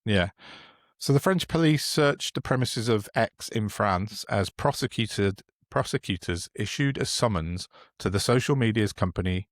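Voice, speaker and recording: A sardonic man chats about politics on a podcast, his voice sitting low. He mocks his targets with frequent chuckles. The sound is close and dry, with no room around it. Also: lively intonation, a little slow, no room sound. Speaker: podcast co-host. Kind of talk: casual political chat.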